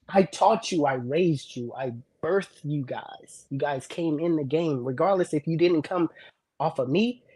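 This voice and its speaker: A man's voice: a little high, darkish tone, dry recording. A man, a regular on a casual talk stream, trash-talking with brash confidence and repeating his lines for emphasis. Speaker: hair brushing competitor and show regular. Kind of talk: boastful casual chat.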